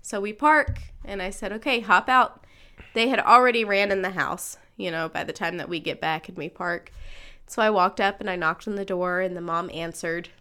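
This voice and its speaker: A woman's voice: mid-range voice, normal speed, sharp tone, clean tone. A woman in her thirties co-hosting a podcast, telling a personal story in casual chat and acting out the voices she quotes. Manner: conversational, acts out quoted voices. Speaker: podcast co-host.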